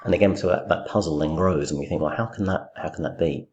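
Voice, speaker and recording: Very deep-voiced male literature teacher. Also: fast, darkish tone, muffled recording, faint music behind. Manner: thinking aloud, frequent fillers and restarts. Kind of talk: recorded lecture, poetry commentary.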